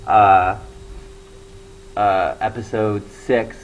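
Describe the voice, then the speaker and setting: A man's voice: on the low side, steady tone, extremely slow, slight background noise, low-quality recording. A young man talking casually to camera, rambling with lots of fillers and restarts. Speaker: comedy show regular.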